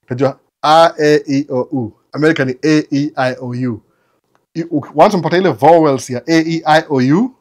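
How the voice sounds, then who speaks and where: A man's voice: medium pitch, darkish tone. A man with a Kenyan accent hosting a casual livestream, chatting with viewers in a loose, talkative way full of restarts. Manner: code-switching, chatty, stammering restarts. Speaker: livestream host answering viewers.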